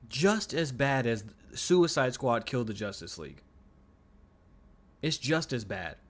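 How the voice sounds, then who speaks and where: Guy streaming a game and losing it, swearing a lot, repeating himself, normal mid pitch. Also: big pitch swings, slow pace, pauses often. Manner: exasperated ranting, heavy swearing; repeats himself, trailing restarts. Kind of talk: live gameplay commentary.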